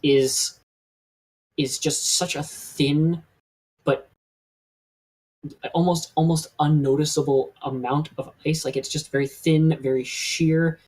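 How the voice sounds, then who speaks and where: A man running a live-streamed tabletop game as game master, who describes the scene slowly and at length. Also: a little high, steady tone, darkish tone, low-quality recording.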